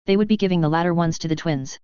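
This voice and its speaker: A woman reading fan fiction aloud as narrator, with a steady, even storytelling delivery. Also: lowish voice, racing, smooth, dry recording, muffled recording. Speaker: audiobook narrator. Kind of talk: scripted narration.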